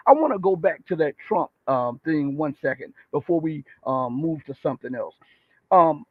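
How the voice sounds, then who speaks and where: High-voiced man on a tinny phone line. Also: no room sound. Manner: meandering, many ums. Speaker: host. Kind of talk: casual political chat.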